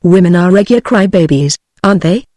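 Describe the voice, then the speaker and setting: Synthetic voice reading a gentle soothing young woman. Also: on the low side, lively intonation, fairly quick, no echo, clean studio sound. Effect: text-to-speech voice.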